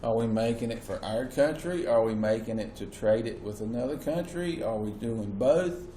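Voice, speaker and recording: A man's voice: mid-range voice, normal speed, dark tone. A man lecturing a class as their teacher, asking questions and stressing key words. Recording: echoey classroom with faint noise.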